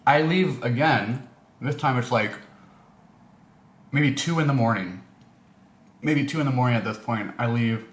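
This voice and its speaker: A man's voice: medium pitch, a little slow, pauses often. Rambling man in an echoey room. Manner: rambling, many fillers and restarts. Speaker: vlogger. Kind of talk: casual storytelling. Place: indoor room. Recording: echoey room, faint noise.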